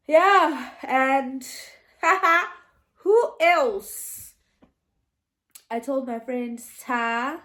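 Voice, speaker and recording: A woman's voice: fairly high pitch, animated, extremely slow, a bit bright. A young woman telling a casual storytime vlog, chatty and meandering, often restarting and laughing. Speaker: vlogger.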